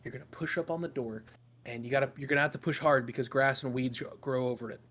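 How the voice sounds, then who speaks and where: A man's voice: medium pitch, fast talker, fairly bright tone. A man narrating a tabletop game as game master, in a loose, improvised storytelling way with fillers.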